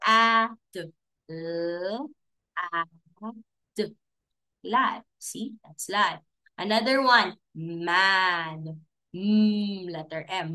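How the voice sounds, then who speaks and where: A woman teaching a recorded preschool class, talking slowly and sounding out letters step by step for small children. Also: medium pitch, pushed and bright. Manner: slow, sounding out letters and giving simple steps.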